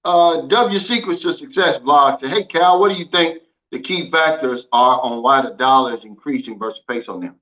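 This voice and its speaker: A man's voice: mid-range voice, moderate pace. A man hosting a casual vlog, talking in a folksy, emphatic way and reading out viewer comments. He is from the United States and often drops "man" into his sentences. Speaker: channel host. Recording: narrow phone-like sound.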